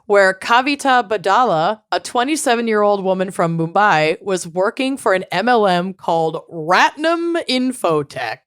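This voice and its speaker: A woman's voice: medium pitch, lively intonation, moderate pace, few pauses, clean tone, dry recording, clean studio sound. A young woman co-hosting a podcast, casually telling a true crime story and often breaking into giggles. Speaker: podcast co-host.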